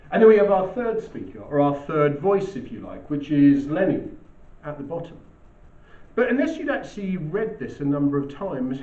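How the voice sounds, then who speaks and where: A male teacher giving an English lesson in a measured, explanatory way. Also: on the high side, a little mellow. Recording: roomy, distant, dull recording.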